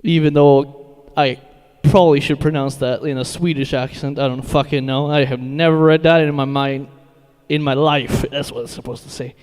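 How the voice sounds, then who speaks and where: A man's voice: medium pitch, steady tone, normal speed, darkish tone, clean tone, long reverb tail. A man streaming, chatting casually about metal music in a rambling, profane way, often laughing.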